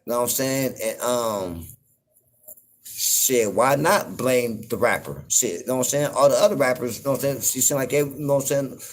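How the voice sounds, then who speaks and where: A man hosting his own show, talking in a loose, rambling commentary full of fillers and cursing, getting loud and incredulous when something riles him. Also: mid-range voice, moderate pace. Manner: laid-back, rambling, frequent fillers and profanity. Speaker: podcast host. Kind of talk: casual commentary monologue.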